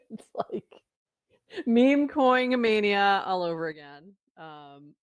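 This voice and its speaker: A woman co-hosting a casual chat, giving quick upbeat recaps with laughter. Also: mid-range voice, lively intonation, clear, resonant tone, dry recording. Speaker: co-host. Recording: dull dry home mic.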